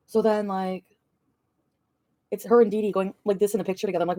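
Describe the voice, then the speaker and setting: A woman's voice: mid-range voice, fairly even intonation, moderate pace, pauses often, dark tone, no echo. A woman vlogger venting and ranting, swearing often and rambling. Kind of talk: ranting vlog.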